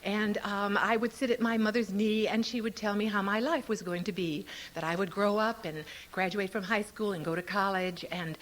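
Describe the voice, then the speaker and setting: An older woman speaking at a recovery convention before a live audience, an animated, playful storyteller who laughs often. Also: medium pitch, moderate pace, few pauses. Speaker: Al-Anon speaker.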